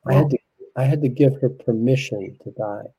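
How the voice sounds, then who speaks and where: A man with a mellow, rounded voice sits as a guest in an interview. He talks in a soft, reflective, unhurried way, sharing a heartfelt personal story. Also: mid-range voice, breathy edge, rough recording.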